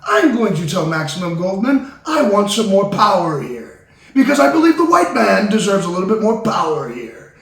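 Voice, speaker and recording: Excitable, high-pitched cursing show host. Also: male voice, moderate pace. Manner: loud, excitable, cursing, swings between ranting and sentimental. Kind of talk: comedic talk show rant. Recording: echoey room, distant mic.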